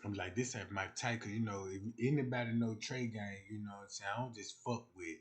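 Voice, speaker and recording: A man's voice: fairly low pitch, fairly even intonation, brisk. A young man, rambling loosely on a casual livestream and acting out the voices he quotes.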